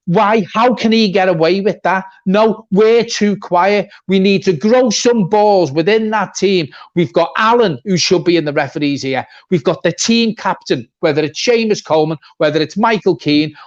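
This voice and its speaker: A man co-hosting a fan channel, giving a blunt, swearing, repetitive rant in a football reaction chat. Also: sits high. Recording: dull lo-fi sound.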